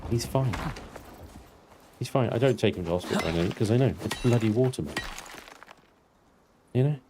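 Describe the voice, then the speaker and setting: A man's voice: on the low side, lively intonation, fairly quick. A man in his thirties, chatting casually and swearing freely as he streams a game and answers chat. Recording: clear background noise.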